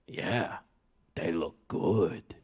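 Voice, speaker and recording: A man voicing a greedy, easily fooled male goblin in a picture-book read-aloud, with a slow gruff drawl. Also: a little mellow, heavily acted. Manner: slow gruff drawl, turning shrill and panicky when trapped.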